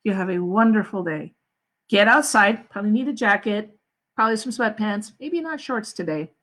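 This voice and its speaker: A woman, a school principal, chatting casually to her students on a livestream, encouraging and quick to laugh, with restarts. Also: mid-range voice, lively intonation, fairly bright tone.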